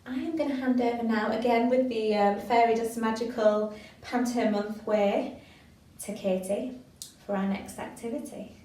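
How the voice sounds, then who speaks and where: A woman leading a drama game, calling out countdowns and warm praise in a fairly high voice. She sounds set back from the mic in a very echoey room. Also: steady tone, moderate pace, distant mic. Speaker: drama workshop leader.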